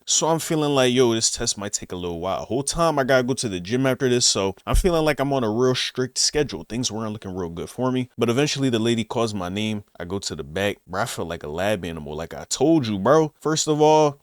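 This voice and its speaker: A man's voice: fairly low pitch, no room sound, studio quality. A young man casually telling a story in slang, acting out the lines of the people he quotes. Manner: slangy, animated retelling with quoted dialogue. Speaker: vlogger.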